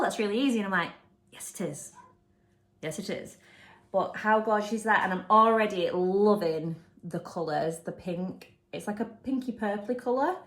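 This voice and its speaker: A young adult woman, chatting casually and gushing excitedly as she unboxes a gift at home for her vlog. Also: medium pitch. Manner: bubbly, gushing, giggly. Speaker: lifestyle vlogger. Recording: echoey room.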